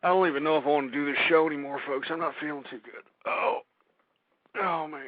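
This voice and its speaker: A man's voice: a little high, steady tone, quick pace, no room sound, phone-quality sound. A male talk radio host ranting in distress, groaning and moaning between his complaints. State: distressed and pained.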